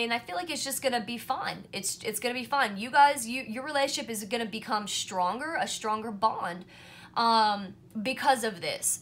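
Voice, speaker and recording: Chatty lady reading tarot cards to camera, bright voice, keeps saying right and you know. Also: on the high side. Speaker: tarot reader. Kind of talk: casual pick-a-card tarot reading to camera.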